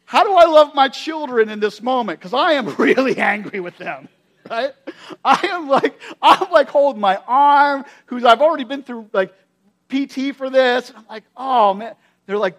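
High-voiced man preaching a lively sermon. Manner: animated storytelling, swings between hushed and loud. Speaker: pastor.

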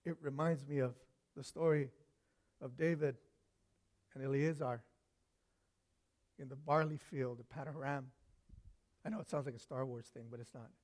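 A man preaching a sermon, telling stories with lively swings from loud to hushed. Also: mid-range voice, moderate pace, long pauses.

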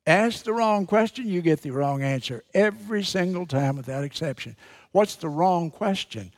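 A male pastor preaching a sermon with emphatic, dramatic pauses, repeating key phrases for effect. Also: sits high, lively intonation.

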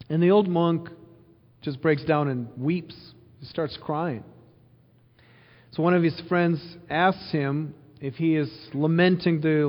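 A man preaching an earnest sermon, with a slightly higher-than-usual voice, repeating phrases and asking the listeners questions. His voice carries a long hall reverb, and the recording sounds a little dull. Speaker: pastor.

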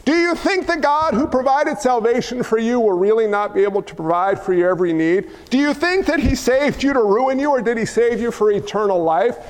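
Impassioned preacher, man, very high voice, ringing hall reverb on every line. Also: animated, brisk, few pauses. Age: adult father of young children. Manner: impassioned, builds to emphatic outbursts. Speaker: pastor. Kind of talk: sermon. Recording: long reverb of a large hall.

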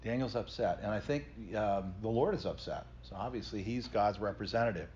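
A man's voice: medium pitch, a little mellow. A middle-aged man, a pastor, teaching a Bible study class and explaining scripture earnestly to his group. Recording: slightly dull lo-fi recording.

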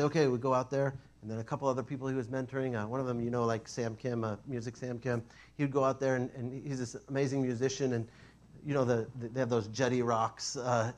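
A man preaching a sermon, telling stories in an animated, self-mocking way. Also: medium pitch.

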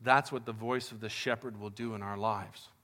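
A man's voice: on the low side, fairly even intonation, normal speed, sharp tone. A man preaching as a pastor, in a casual, conversational and upbeat way, talking to the congregation as guys. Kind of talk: casual sermon.

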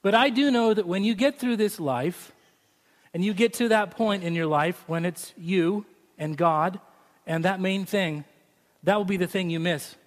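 A man's voice: high voice, a little slow. A man preaching a sermon in a chatty, humorous way, joking with his listeners. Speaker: pastor. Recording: long hall reverb from a large room.

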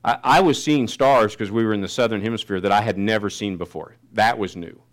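Man, pastor, sermon, lowish voice, verses read slowly, storytelling. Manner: slows down to read scripture, then tells a story.

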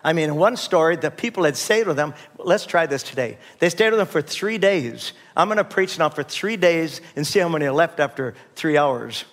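A man's voice: on the high side, animated, normal speed, few pauses, fairly bright tone. Man preaching a casual, restart-filled sermon. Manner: conversational preaching with many restarts, calls to the congregation. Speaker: pastor.

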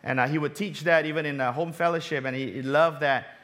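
A middle-aged man from Malaysia delivers a sermon built on a personal story. His voice sits a little high for a man. He drops soft and low on the tender moments. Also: fairly even intonation, fairly quick. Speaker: preacher.

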